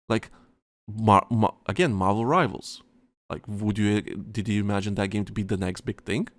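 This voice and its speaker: A man co-hosting a podcast in casual chat, rambling and halting, with plenty of fillers and restarts. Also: fairly low pitch, fairly even intonation, no echo. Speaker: podcast co-host.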